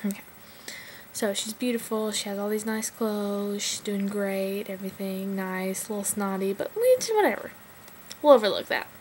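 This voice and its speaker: A woman in her twenties telling a funny personal story in a chatty, animated way with big swings in pitch. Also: normal speed, slight background noise, low-quality recording. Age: 20s.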